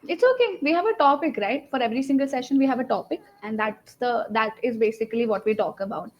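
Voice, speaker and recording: A woman's voice: on the high side, lively intonation, fast, a little mellow, muffled recording. A young woman with an Indian English accent teaching an online English lesson, firmly correcting mistakes and explaining patiently. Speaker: English conversation trainer.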